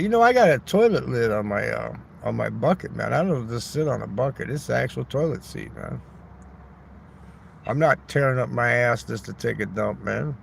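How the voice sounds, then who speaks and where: A man's voice: medium pitch, gravelly, slight background noise. A man hosting a rambling, crude, joking livestream outdoors in a neighborhood park, talking into his phone. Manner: rambling, crude joking, talks back to chat. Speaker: livestream host. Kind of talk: rambling casual livestream chat.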